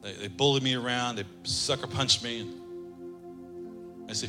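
Animated storytelling pastor in a big church. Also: male voice, mid-range voice, measured pace, long pauses. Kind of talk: sermon with storytelling. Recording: reverberant church hall, faint music.

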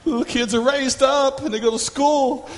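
Man, pastor, sermon, high voice, repetitive preaching cadence, echoey church hall. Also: fairly even intonation, normal speed. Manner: repetitive preaching cadence, humorous role-play illustrations.

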